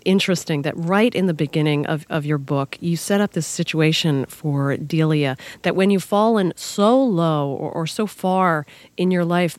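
A woman sitting in as a radio interview host, reading a composed introduction and asking measured questions. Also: fairly low pitch, a little mellow, no echo. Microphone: studio microphone. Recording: dry studio sound.

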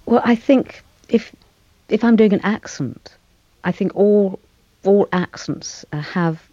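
A woman actress answering interview questions in a thoughtful, measured way, with fillers and small laughs. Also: mid-range voice, mellow, no room sound, highs cut off.

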